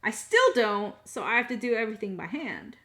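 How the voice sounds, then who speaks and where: A woman chatting casually on a live stream while she draws, rambling to herself with many fillers and soft muttered asides. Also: fairly high pitch, sing-song, fairly quick. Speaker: streaming digital artist.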